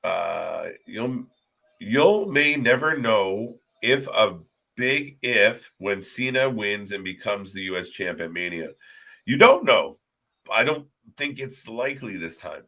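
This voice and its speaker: A man co-hosting a wrestling live stream in casual chat, rambling and excitable. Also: lowish voice, slow, gravelly.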